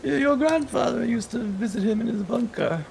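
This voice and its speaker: A man voicing a solemn old male village priest with slow, grave delivery, read off game text. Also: extremely high pitch, gravelly, a crowd in the background.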